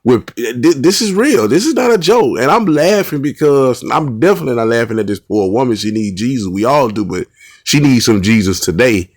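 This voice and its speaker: A man's voice: medium pitch, expressive, a little fast, dry recording, clean studio sound. Earnest man breaking down bodycam footage. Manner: repetitive, restarts sentences, earnest. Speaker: host of a bodycam commentary show. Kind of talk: casual video commentary.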